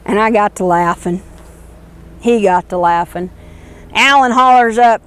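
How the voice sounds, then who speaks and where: A woman telling a story in a folksy, animated spoken manner. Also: fairly high pitch, unhurried, clean tone.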